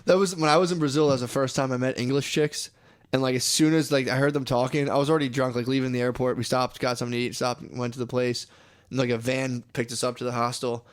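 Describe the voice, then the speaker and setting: A man's voice: medium pitch, level tone, quick pace. A young man chatting crudely on a podcast, rambling through travel stories and putting on voices. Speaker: podcast co-host. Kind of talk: casual podcast chat.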